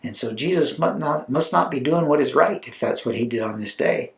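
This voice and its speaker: Animated storytelling preacher, roomy echo. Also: male voice, medium pitch, a little fast, creaky. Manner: animated and conversational, with asides. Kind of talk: storytelling sermon.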